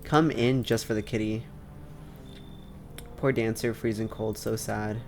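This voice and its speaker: A man's voice: lowish voice, steady tone, a little slow, slight background noise. A man voicing a pushy, blunt dancer who speaks in clipped, broken phrases. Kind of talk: reading game dialogue aloud.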